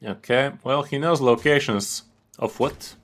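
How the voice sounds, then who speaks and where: A man streaming a card game, giving excitable, trash-talking and profane casual gameplay commentary. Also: mid-range voice, unhurried.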